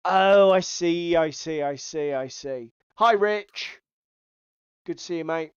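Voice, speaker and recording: Slow, easygoing man for a casual chat podcast, smooth and clear, dry sound. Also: on the high side, no echo. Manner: chatty, swearing, reads out chat comments. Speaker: podcast co-host. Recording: dull, slightly lo-fi sound.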